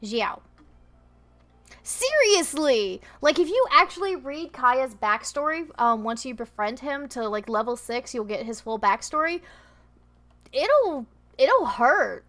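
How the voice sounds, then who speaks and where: High-voiced emotional woman streamer. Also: moderate pace, few pauses. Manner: emotional, animated, exclamatory. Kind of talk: gameplay livestream commentary.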